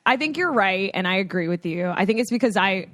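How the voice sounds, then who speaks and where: A woman co-hosting a podcast in casual chat, animated and mimicking others in exaggerated tones. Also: medium pitch, a little fast, no room sound. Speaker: podcast co-host.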